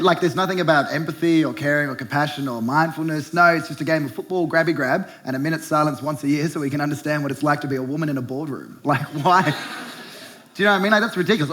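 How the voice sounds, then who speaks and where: A man's voice: fairly high pitch, quick pace, fairly bright tone. Ranting young Australian man comedian. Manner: heated, sarcastic, swearing, mock voices of blokes. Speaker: comedian hosting a show segment. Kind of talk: stand-up rant.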